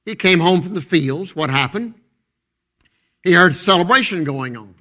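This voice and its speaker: A fervent male pastor delivers a sermon from a church pulpit, his voice pitched high and ringing bright. He shifts between loud, emphatic proclamations and hushed, intense passages, and he drives his points home through repetition. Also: expressive, normal speed.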